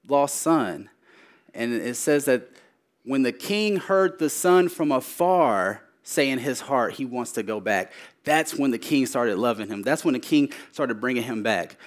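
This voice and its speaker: A man preaching a personal testimony in a sermon. He repeats phrases for emphasis, rising to urgent, louder lines and then dropping to hushed ones. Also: mid-range voice, measured pace. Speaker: speaker sharing his testimony.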